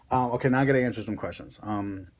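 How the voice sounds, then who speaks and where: This is a young man with a Connecticut accent, talking casually and at length on a vlog. His voice sits low and has a husky, slightly breathy edge. He rambles and teases himself as he goes. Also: a little mellow. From born in Mexico, raised in Connecticut. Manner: rambling, chatty, laughs at himself. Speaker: ASMR vlogger. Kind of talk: casual chat.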